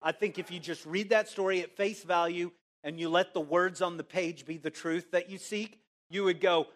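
A man preaching a sermon in church, animated and casual, asking the congregation questions and answering them himself. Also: sits high, moderate pace, hardly any pauses. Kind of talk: interactive sermon.

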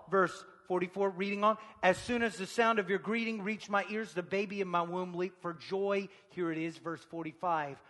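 A man preaching a sermon, swinging from hushed near-whispers to shouted passages. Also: high-pitched, fairly even intonation, normal speed, hardly any pauses, in a large hall.

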